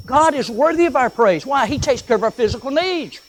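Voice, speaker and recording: A man preaching a sermon in a church, earnest and emphatic, slowing down to read scripture aloud. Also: very high-pitched, expressive. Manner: earnest, rising and falling with emphasis, reads scripture slowly. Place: church sanctuary.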